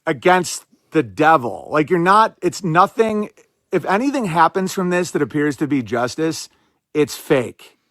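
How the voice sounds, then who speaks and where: Brief: male podcast host, slightly higher voice, sarcastic rapid-fire commentary, dry close sound. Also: big pitch swings, a bit bright, no room sound. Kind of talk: casual political commentary.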